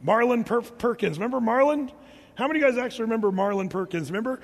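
A man's voice: very high voice, expressive, rapid-fire, creaky, in a large hall. An older man preaching a sermon, telling stories with humor and sound effects. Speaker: pastor.

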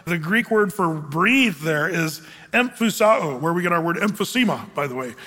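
A man's voice: fairly high pitch, expressive, moderate pace, sharp tone, big-room sound. A male pastor teaching a sermon verse by verse, talking conversationally, asking his congregation questions and reading scripture aloud.

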